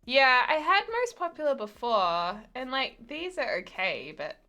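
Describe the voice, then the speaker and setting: A woman live-streaming a building game with a bright, fairly high voice. She talks slowly, her pitch swinging widely, and she keeps dissolving into giggles. Faint music plays underneath. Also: very animated. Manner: giggly, often breaks into laughter. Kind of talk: casual live-stream chat while gaming.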